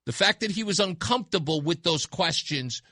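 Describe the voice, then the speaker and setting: Blunt, high-voiced radio host, dry studio sound. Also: male voice, lively intonation, normal speed, pushed and bright, dry recording. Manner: emphatic, blunt, conversational, repeats points for effect. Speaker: radio talk show host. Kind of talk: opinionated talk radio monologue.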